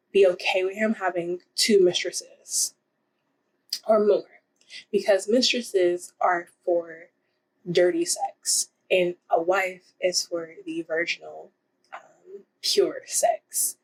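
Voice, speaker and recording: A woman's voice: on the low side, husky, rough recording. A young woman casually reviewing romance books in a rambling, giggly way, with lots of fillers. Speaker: book vlogger. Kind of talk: casual book review vlog.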